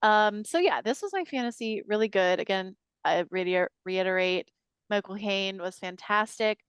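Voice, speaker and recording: A woman's voice: medium pitch, moderate pace, smooth, no echo. A woman co-hosting a podcast, chatting casually and hesitantly with lots of fillers. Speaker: podcast co-host. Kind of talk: casual chat.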